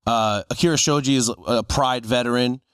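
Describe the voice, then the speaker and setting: A man's voice: mid-range voice, steady tone, moderate pace, a bit bright, smooth, no echo, clean studio sound. A man in his forties, a podcast co-host, telling stories casually and acting out the voices of people he quotes. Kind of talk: casual storytelling chat.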